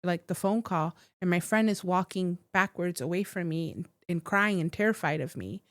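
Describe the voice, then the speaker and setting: Woman, psychic guest, casual storytelling, halting and teary, dry close sound. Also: fairly low pitch, no room sound. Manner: emotional, near tears, halting with restarts.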